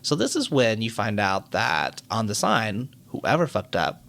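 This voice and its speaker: A man's voice: measured pace, gravelly. A man co-hosting a casual podcast, recapping old cartoons and acting out the characters' lines as he goes. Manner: animated, acts out characters' lines in high voices, swears freely. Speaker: podcast co-host. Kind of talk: casual chat recapping cartoons over drinks.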